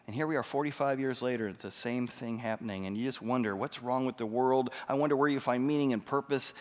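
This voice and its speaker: A man preaches from the pulpit of a church sanctuary, dropping to a near hush for stories and then climbing into loud, emphatic passages. His voice carries a long reverb from the large hall around him. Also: mid-range voice, quick pace, few pauses. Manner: swings between hushed storytelling and loud emphatic preaching. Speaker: pastor. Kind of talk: sermon.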